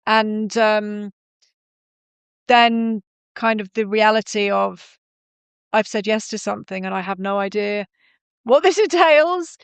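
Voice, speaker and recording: A woman's voice: mid-range voice, monotone, slow pace, gravelly, pauses often, clear, resonant tone, no echo. A woman in her thirties, a podcast guest, telling her story in a conversational way with frequent ums and self-corrections.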